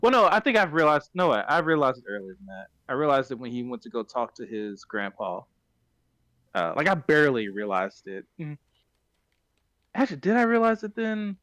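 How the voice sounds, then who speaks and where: Male podcast host, mid-pitched, talking loosely and circling back on himself. Dry, close sound. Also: big pitch swings, normal speed, fairly bright tone, no room sound. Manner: rambling, self-correcting retelling. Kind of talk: casual plot recap chat.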